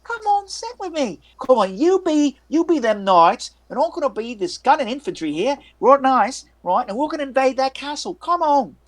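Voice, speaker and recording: A man voicing an eerie little boy who wants to play war, in a shrill, sing-song falsetto. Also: very animated, normal speed, hardly any pauses. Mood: coaxing. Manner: sing-song, childish, insistent.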